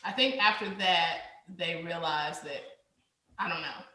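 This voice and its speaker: A woman co-hosting a podcast, telling a classroom story slowly and expressively. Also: lowish voice, roomy sound. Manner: slow, expressive, laughs through her stories. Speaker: co-host and teacher. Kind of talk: casual storytelling chat.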